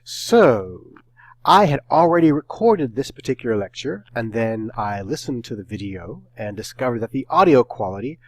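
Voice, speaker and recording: A middle-aged male professor lecturing in a brisk, slightly terse way, with a wry edge. His voice sits at an ordinary middle pitch and is recorded dry and close. No room sound is heard around him. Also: sing-song, dry recording, rough recording.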